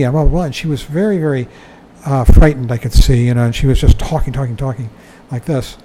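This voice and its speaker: Speaking quickly with few pauses, an older man reads from a book in a dharma talk and comments conversationally, frequently chuckling and saying "you know." His voice is mellow and mid-range, captured in a rough recording with slight background noise.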